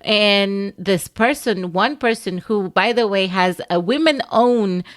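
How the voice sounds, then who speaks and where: A woman's voice: mid-range voice, slow pace, dry recording. Earnest woman podcast host. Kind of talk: conversational interview storytelling.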